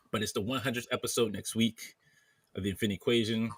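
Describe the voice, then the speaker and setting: A man's voice: fairly low pitch, fairly even intonation, fairly quick, slightly rough, no room sound. A man hosting a casual podcast chat, reading off viewer names in a running list. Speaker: podcast host. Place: at home in bed, wearing headphones.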